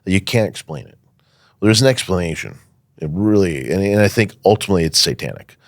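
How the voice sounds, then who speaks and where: A man's voice: low voice, expressive, a little fast, no room sound, studio quality. A man speaking as a guest in a podcast interview, emphatic and insistent, with frequent fillers. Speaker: guest, firearms safety academy owner.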